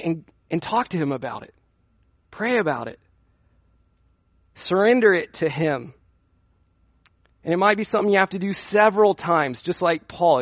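A man's voice: on the high side, dry recording. A young man preaching at a youth conference in a conversational way, asking his listeners questions as he teaches. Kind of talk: sermon.

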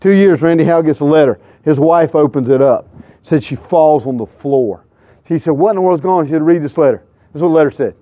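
A man preaching a sermon full of stories, emphatic and swinging from hushed lines to shouted peaks. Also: on the high side, quick pace. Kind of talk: sermon with storytelling. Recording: dull lo-fi sound.

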